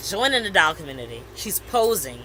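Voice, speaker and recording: Bright-voiced woman telling a lively story. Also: lowish voice, fairly quick, a little hiss or hum, low-quality recording. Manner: animated storytelling, acts out quoted messages. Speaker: podcast co-host. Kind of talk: casual chat.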